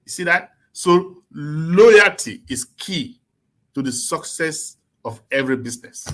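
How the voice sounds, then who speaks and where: A man's voice: fairly high pitch, animated, unhurried, a bit bright. A man speaking earnestly and with emphasis as a guest in an online panel discussion.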